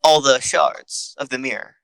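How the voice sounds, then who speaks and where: Brief: man, game master, playful, bright tone, dry close sound. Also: medium pitch, flat delivery, measured pace, gravelly, clear, resonant tone, no echo. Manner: playful, laughs often. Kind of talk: narrating a tabletop game.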